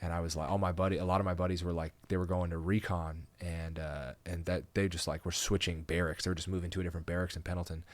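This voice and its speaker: A young man, a comedian guest, telling rambling, profane stories in a casual podcast chat and loudly acting out the voices he quotes. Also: low-pitched, flat delivery, fast talker, few pauses, no echo.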